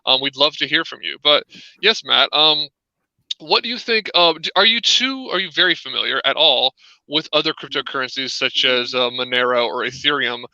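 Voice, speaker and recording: A man's voice: medium pitch, expressive, normal speed, sharp tone, dry recording, muffled recording. A man co-hosting a live-streamed discussion, talking casually with lots of "um" fillers and putting questions to his co-host over a video call. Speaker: livestream co-host.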